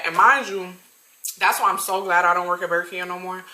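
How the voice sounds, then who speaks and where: A woman in her twenties telling a storytime vlog, slangy and animated, talking straight to her viewers. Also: on the low side, a little fast, echoey room, poor audio. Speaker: vlogger.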